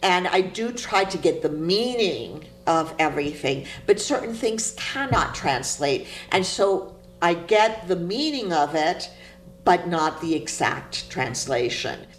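A woman from Cuba, a poet, telling stories in an interview with an animated manner and frequent laughter. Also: fairly low pitch, takes it slowly, a little hiss or hum, poor audio. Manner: animated storytelling, laughs often. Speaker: poet guest. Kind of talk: interview conversation.

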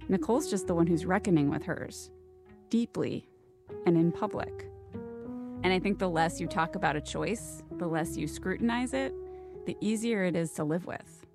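A woman host giving measured, reflective scripted narration. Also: lowish voice, creaky. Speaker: podcast host. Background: music.

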